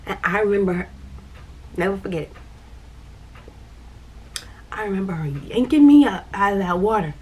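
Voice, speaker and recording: A woman's voice: mid-range voice, animated, moderate pace, pauses often, breathy edge. A woman tells a personal story, repeating phrases as she vividly recounts the moment.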